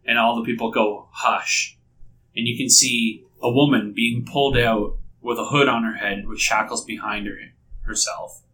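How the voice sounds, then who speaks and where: A man's voice: on the low side, sharp tone. A man narrating as game master of a tabletop game in a loose, rambling way with fillers. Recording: distant mic with faint background noise.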